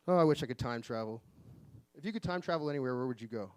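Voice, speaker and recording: A man in his forties doing an open-mic stand-up set, delivering deadpan one-liners with sudden pitch jumps on the punchlines. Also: racing, clean tone. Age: 40s. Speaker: stand-up comedian. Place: live comedy venue.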